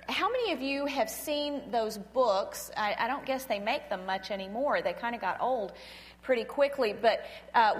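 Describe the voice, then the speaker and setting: A middle-aged woman from North Florida, USA, with a Southern accent and a high voice that echoes like a big room. A pastor's wife guest-speaking at a women's church meeting, she delivers a conversational sermon full of stories, chatty and self-deprecating, acting out quotes with animation.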